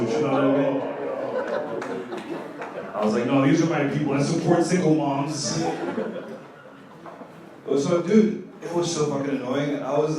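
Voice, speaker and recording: Man telling jokes in an echoey club. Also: medium pitch. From Kenya. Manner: loose storytelling with many "like" fillers, rising to loud punchlines. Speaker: stand-up comedian. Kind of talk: stand-up comedy set. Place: comedy club stage. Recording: echoey club audio from far off, with room noise.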